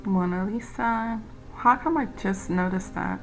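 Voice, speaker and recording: A woman playing a game and quietly commenting to herself as she explores. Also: mid-range voice, unhurried, gravelly, faint music behind, poor audio. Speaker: game streamer. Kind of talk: let's-play commentary.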